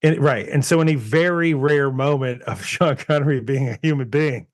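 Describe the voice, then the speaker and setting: Male podcast co-host, mid pitch, chatty storyteller, laughs often, dry close mic. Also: normal speed, no echo. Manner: rambling, laughing often, retelling anecdotes. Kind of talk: casual chat.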